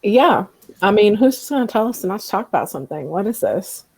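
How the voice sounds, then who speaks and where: A woman's voice: medium pitch, sing-song, a little fast, darkish tone, breathy edge. A woman in her thirties playing a tabletop role-playing game, bold and bantering. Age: 30s. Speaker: player. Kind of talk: casual tabletop game chat.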